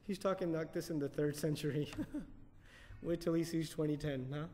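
A man lecturing on Quran commentary, animated, asking the audience questions and reciting Arabic verses quickly. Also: on the high side, big-room sound. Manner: animated, asks the audience questions and answers them. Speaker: Quran teacher.

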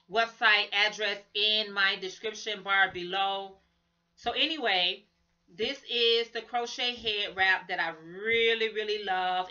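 A chatty woman shows off her crochet work in a relaxed vlog, calling viewers "y'all" and gushing over each piece. Her voice is bright and forward but unhurried, with a slightly worn edge. The recording sounds a bit dull and lo-fi. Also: mid-range voice. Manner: chatty, enthusiastic, addresses viewers as "guys" and "y'all". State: losing her voice. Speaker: crochet channel host. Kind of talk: casual show-and-tell vlog.

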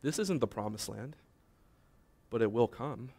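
A man's voice: medium pitch, lively intonation, unhurried, mellow, slightly rough. Man preaching a conversational sermon. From United States. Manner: conversational preaching, voices imagined complaints. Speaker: pastor.

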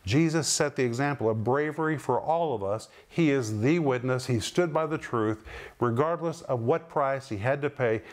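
Guy preaching bible teaching, emphatic, stretches out key words, mid pitch. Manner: emphatic, lingers on key words with dramatic pauses. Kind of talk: sermon-style Bible teaching.

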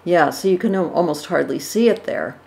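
A woman's voice: lowish voice, expressive, moderate pace, vocal fry, darkish tone. A woman giving casual reaction commentary on portrait paintings, thoughtful, with fillers and self-corrections. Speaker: art commentator. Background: dogs barking.

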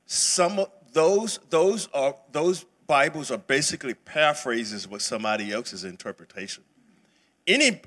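A man's voice: mid-range voice, pushed and bright. A man teaching a church Bible study lesson in a casual, conversational way, with many fillers and restarts. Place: church sanctuary.

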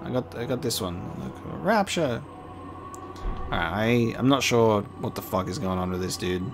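A man's voice: lowish voice, lively intonation, normal speed, music in the background. Chatty man joking through a game. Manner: chatty, joking, swears in surprise. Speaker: gaming video host. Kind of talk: let's play commentary.

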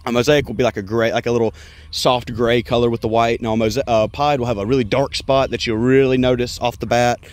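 A man's voice: mid-range voice, little pitch movement, brisk. A man vlogging about his exotic pets, rambling on and chatting to the animals as he goes. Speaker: exotic pet breeder and vlogger. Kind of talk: casual rambling vlog, walking around animal enclosures. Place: outdoors in a yard with animal pens, partly indoors at reptile tanks.

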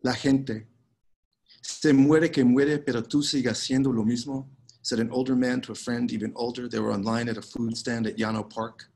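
A man reading his own poems aloud on a video call, measured and unhurried with pauses between lines. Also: medium pitch, steady tone, vocal fry, darkish tone, poor audio. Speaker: poet reading his work. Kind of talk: poetry reading.

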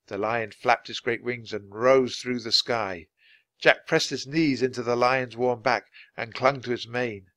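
A man reading a children's adventure book aloud, clear and steady for language learners. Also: medium pitch, dry recording. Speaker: storybook reader.

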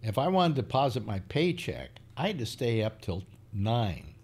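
A man's voice: mid-range voice, normal speed, husky. An older man, the show's host, chatting casually and telling rambling stories with lots of fillers. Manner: rambling, animated storytelling with many fillers. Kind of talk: casual chat.

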